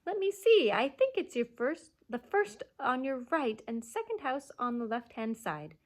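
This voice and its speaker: A woman's voice: sits high, sing-song, unhurried, voice pushed up. A woman voicing a prim, haughty nanny who answers in short, curt phrases. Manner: clipped and haughty.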